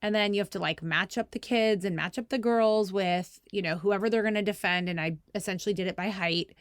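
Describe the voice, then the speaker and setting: A woman in her thirties hosts a podcast, speaking fairly quickly in a clean tone over dry, clean studio sound. Her casual storytelling is animated and laugh-filled, packed with "like," and she voices quotes in a higher register.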